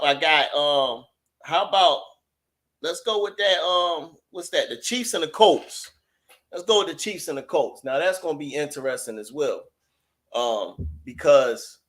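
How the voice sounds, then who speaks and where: A man's voice: on the high side, a bit bright. A man hosting a sports talk live stream, chatting casually and loosely with viewers and reading their chat messages aloud.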